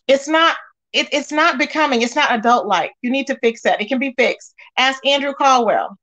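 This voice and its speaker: Sassy high-voiced woman gossip host. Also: moderate pace, a bit bright. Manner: sassy, emphatic, scolding asides. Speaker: YouTube commentary host. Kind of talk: casual gossip commentary reading chat.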